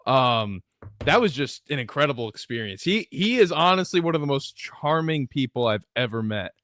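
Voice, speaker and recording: A young man hosting a chat, enthusiastic and quick to laugh. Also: medium pitch, sing-song, a bit bright. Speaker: podcast host. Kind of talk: casual chat.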